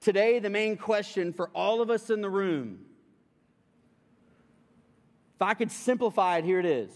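Young man, casual joking preacher, fairly high voice, echoing church hall. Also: lively intonation, brisk, few pauses. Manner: casual, humorous storytelling to a congregation. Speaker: pastor. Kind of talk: sermon with personal story. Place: church sanctuary. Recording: long reverb of a church hall.

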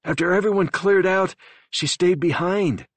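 A desperate young man pleads in a strained, high, cracking voice, rasp in his throat, as a deep-voiced audiobook narrator acts him out. The reading is close and dry. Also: measured pace, no room sound. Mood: desperate pleading. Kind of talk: audiobook character voice.

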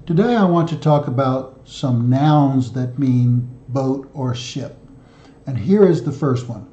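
A man works through his language homework out loud, reciting word endings in a slow, methodical drill. His voice is deep and mellow. The recording sounds roomy and a little muffled. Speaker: founder of a study group, self-taught student. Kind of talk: solo study video, reading declensions aloud.

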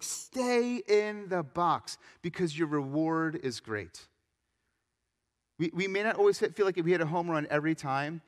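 A young adult man, a pastor, preaching a sermon with animated storytelling and acted-out voices. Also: on the high side, long reverb tail. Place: church sanctuary.

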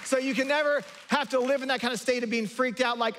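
A man preaching a sermon as pastor, conversational and animated, with frequent restarts and acted-out quotes. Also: very high voice, brisk, hardly any pauses, a faint crowd. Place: church sanctuary.

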